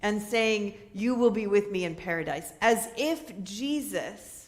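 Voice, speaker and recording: A woman's voice: medium pitch, measured pace. A woman pastor preaching a sermon in a conversational way, checking in with her listeners. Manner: conversational, asks the listeners questions, light laughter. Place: church sanctuary.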